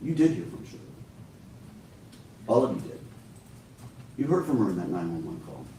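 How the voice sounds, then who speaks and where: A man's voice: deep voice, big pitch swings, moderate pace, warm tone, a little hiss or hum. A man giving a courtroom closing argument as prosecutor, speaking emphatically and persuasively, addressing the jury directly. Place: large courtroom. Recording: echoey courtroom from far off.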